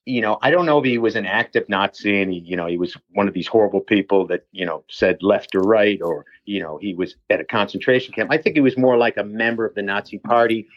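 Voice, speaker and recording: A man's voice: fairly low pitch, quick pace, few pauses, no echo, dull audio. A man, a personal trainer, telling a long rambling story in casual chat with many restarts and asides.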